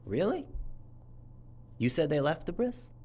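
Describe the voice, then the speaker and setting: A man's voice: a little high, big pitch swings, unhurried, a little mellow, a little hiss or hum. A man giving a sermon-style Torah talk at a synagogue event, telling the story emphatically and acting out the quotes with rising intensity.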